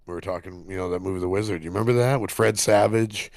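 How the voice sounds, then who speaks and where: A man's voice: low voice, fast, creaky, a little mellow, no echo. Blunt, swearing dad in his forties. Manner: blunt, profane, exasperated. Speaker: podcast co-host. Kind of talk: casual chat.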